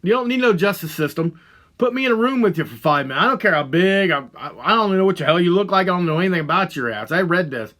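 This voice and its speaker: Man ranting angrily, lively pitch. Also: quick pace. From Ohio. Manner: profane, heated, swings from loud outbursts to low mutters. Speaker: podcast host. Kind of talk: angry ranting monologue.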